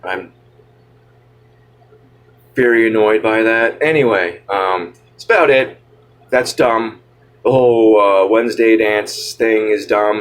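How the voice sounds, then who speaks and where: Male vlogger, nasal tone, a bit low-pitched; casual rambling complaint, lots of restarts. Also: slow, pauses often. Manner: rambling, stammering, irritated. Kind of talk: casual rant to camera.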